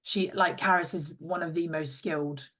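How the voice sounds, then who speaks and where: A chatty young woman from England talks as a podcast guest in a lowish voice. She tells her story with lively bits of quoted dialogue, voicing the people she remembers. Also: moderate pace. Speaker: guest, former rugby player. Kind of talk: casual interview chat.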